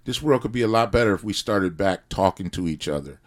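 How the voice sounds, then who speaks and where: Low male podcast guest, animated and preachy in casual chat. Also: fairly quick. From United States. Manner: animated, preachy rants with loud swells. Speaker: podcast guest, sauce company founder.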